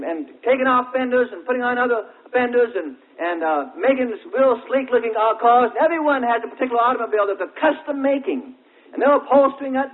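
High-voiced preacher on a tinny recording. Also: male voice. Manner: folksy storytelling with everyday examples; drawn-out, emphatic questions. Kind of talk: sermon. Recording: tinny, narrow-band old recording.

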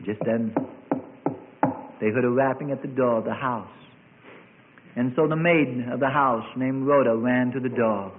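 A man preaching a sermon, stretching quoted words and rising to shouts as he tells the story. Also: mid-range voice, unhurried, pauses often, slight background noise. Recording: tinny phone-like recording.

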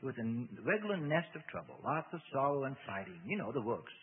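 A man's voice: mid-range voice, sing-song, quick pace, a little hiss or hum, natural voice. A man voicing a smug, resigned male demon, talking matter-of-factly and relishing trouble. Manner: matter-of-fact, smugly relishing. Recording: tinny radio broadcast with long hall reverb.

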